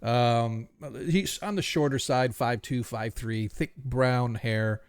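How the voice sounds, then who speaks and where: A man narrating a tabletop game as game master in a casual, relaxed way with many fillers. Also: mid-range voice, slow, clean tone.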